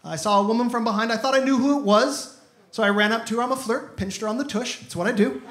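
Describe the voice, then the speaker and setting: A man's voice: very high-pitched, quick pace, fairly bright tone. A man in his thirties performing an upbeat stand-up comedy set on stage. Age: 30s. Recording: echoey stage sound.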